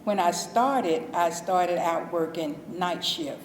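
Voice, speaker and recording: A middle-aged Southern woman from Alabama, speaking low and slow, tells heartfelt stories about her job as a school custodian in a chatty, informal interview testimony. The audio sounds like an echoey hall with a distant mic and faint noise.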